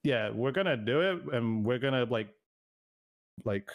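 A man co-hosting a casual gaming podcast at a mid-range pitch. He rambles through his points with plenty of filler words and laughs easily. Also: animated, measured pace. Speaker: podcast co-host. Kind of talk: casual chat.

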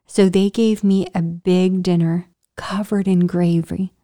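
A middle-aged woman telling a personal story in an animated vlog style, laughing often and dropping into whispers for emphasis. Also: lowish voice, measured pace. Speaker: vlogger.

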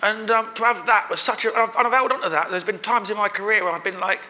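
A man's voice: high voice, fast, bright, forceful tone. A man, a guest at a live podcast recording, telling a rambling, self-deprecating story on stage. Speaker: guest performer. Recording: live venue with long reverb.

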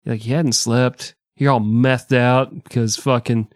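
A man's voice: mid-range voice, fairly even intonation, a little slow, no room sound. A man co-hosting a history podcast, joking crudely and swearing often in casual banter. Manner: jokey, crude, swears a lot. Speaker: podcast co-host.

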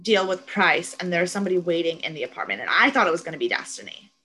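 A young woman co-hosting a podcast, retelling a TV episode in casual, animated chat with plenty of swearing. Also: fairly low pitch, fast talker, low-quality recording. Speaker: podcast co-host.

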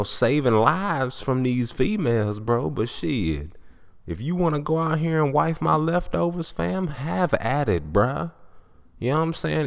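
Gravelly-voiced blunt podcast host man. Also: medium pitch. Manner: profane, blunt, preachy storytelling. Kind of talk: unscripted monologue.

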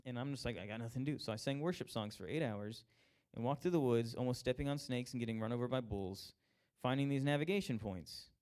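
A young man telling a personal faith testimony, animated and self-mocking, acting out the people he quotes. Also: mid-range voice, fast, few pauses. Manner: animated, acts out quoted voices, laughs at himself. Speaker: speaker sharing a personal testimony. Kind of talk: storytelling testimony.

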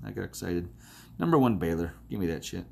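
Alone on his own podcast, a man talks to himself while making tournament picks, rambling, joking and swearing in a casual sports-picks monologue. His low, gravelly voice has a darkish tone, swings widely in pitch and moves fairly quickly.

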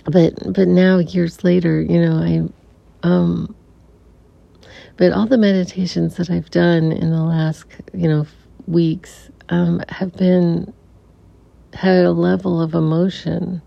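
A middle-aged woman telling a reflective personal story as a podcast guest, softly and haltingly, with many restarts and some near-whispers. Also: fairly low pitch, little pitch movement, gravelly, no room sound. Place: room in a family home. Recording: dull recording with faint air conditioner hum. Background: air conditioner hum.

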